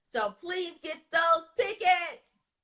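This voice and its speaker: A woman pushes listeners to get tickets in an urgent promotional tone. Her voice is high and bright, with a forceful edge. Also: expressive, takes it slowly. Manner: urgent, pushy event plug. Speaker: guest speaker. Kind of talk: promotional pitch.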